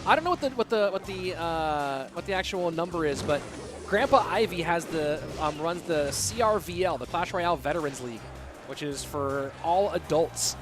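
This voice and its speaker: Guy casting a game stream live, kinda high voice, hyped and chatty, music going behind him. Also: moderate pace. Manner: chatty, excitable, thanks viewers by name. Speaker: esports caster and streamer. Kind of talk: live game commentary mixed with chat reading. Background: background music.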